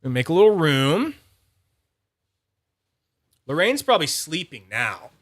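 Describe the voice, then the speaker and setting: A man hosting a fidget toy channel, chatting casually and excitably, rambling, teasing himself and greeting viewers by name. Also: a little high, unhurried, dry recording. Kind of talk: casual rambling livestream-style review.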